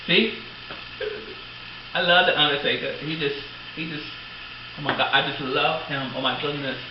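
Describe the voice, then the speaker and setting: A middle-aged man, hosting as a father, chatting in a rambling, excitable way with lots of fillers. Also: a little high, normal speed, distant mic. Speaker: host, father. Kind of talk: casual chat. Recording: very echoey dull room, off-mic, faint noise.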